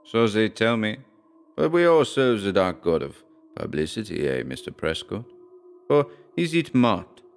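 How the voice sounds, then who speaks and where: A man voicing a charming, soft-spoken male vampire aristocrat in a horror audiobook. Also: fairly low pitch, very animated, unhurried, soft background music. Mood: suave.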